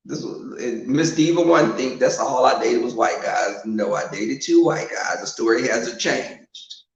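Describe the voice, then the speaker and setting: Animated man in an echoey room. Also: unhurried. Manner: animated, swings loud and high when quoting. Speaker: storyteller. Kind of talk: casual storytelling. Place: echoing room at home. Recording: roomy home echo, muffled sound.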